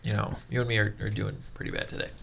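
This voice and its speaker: Low gravelly guy rambling slow in a tabletop game, bright edgy tone. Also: level tone. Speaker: player. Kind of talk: casual tabletop game chat.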